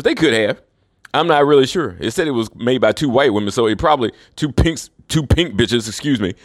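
A man's voice: medium pitch, no echo, clean studio sound. A man rambling through a profane, scornful monologue, chuckling between remarks.

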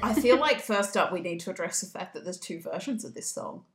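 Woman podcast host, lowish voice, chatty, acts out little voices, echoey room. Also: expressive, brisk, over loud music. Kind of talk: casual comedic chat. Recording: roomy echo.

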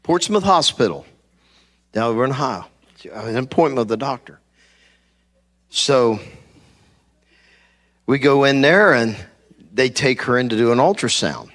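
A man pastor preaching a sermon, telling a personal story with animated delivery and acting out conversations. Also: medium pitch, measured pace, long pauses. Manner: animated, acts out conversations, laughs at himself. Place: church sanctuary.

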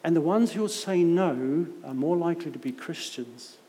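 A man's voice: on the high side, lively intonation, moderate pace, dark tone, a little hiss or hum. A middle-aged man preaching a sermon, telling stories with humorous, self-mocking asides, heard in a church hall. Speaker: visiting preacher. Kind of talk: anecdotal sermon. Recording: long echo of a large hall.

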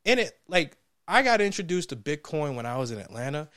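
A young man co-hosting a podcast, telling a story in a casual, profane, animated way and laughing often. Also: on the high side, fairly quick, no echo, clean studio sound. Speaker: podcast co-host.

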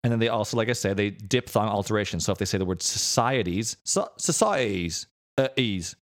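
A man's voice: lowish voice, fairly even intonation, fast talker. A man co-hosting a casual podcast chat, explaining a topic at length with many restarts and fillers. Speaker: podcast co-host.

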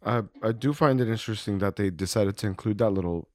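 A man with a lowish voice rambles through his beer ratings, hunting for words with plenty of ums and easy laughs. He sounds close and dry, as if right on the mic. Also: fast, no echo. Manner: rambling, many fillers, laughs often. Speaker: podcast co-host. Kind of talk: casual beer-tasting chat.

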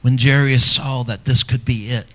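A middle-aged male pastor preaching in a church, voice at an ordinary middle pitch for a man. He talks earnestly and personally to the fathers in the pews, pushing some lines out loud and dropping others to a hushed near-whisper. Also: fairly even intonation, normal speed. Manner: dynamic delivery, swinging from loud emphasis to hushed near-whispers. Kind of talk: sermon.

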